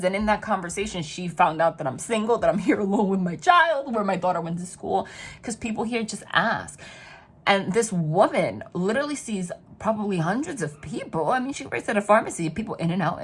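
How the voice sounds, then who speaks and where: A woman reading tarot in a casual vlog, chatty and rambling, telling animated stories full of quoted dialogue. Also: medium pitch, husky. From New Jersey. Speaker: tarot reader.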